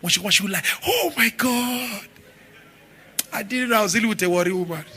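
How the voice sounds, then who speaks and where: A man preaching a sermon, telling stories with animated shifts from shouts to murmurs. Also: sits high, rapid-fire, a little hiss or hum. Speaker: pastor.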